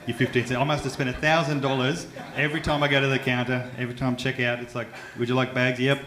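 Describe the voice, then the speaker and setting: A man's voice: medium pitch, flat delivery, fast, fairly bright tone. An Australian man with a self-mocking, stumbling delivery, performing a stand-up comedy set on a club stage. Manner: chatty, self-mocking, with frequent stumbles and fillers. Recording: roomy club sound with faint background noise.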